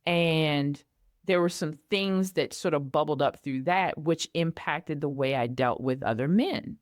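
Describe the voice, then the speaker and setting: Middle-aged woman guest, candid storyteller, acts out her reactions, slightly low voice, dry close sound. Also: unhurried, dry recording. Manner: animated, acts out her own past reactions.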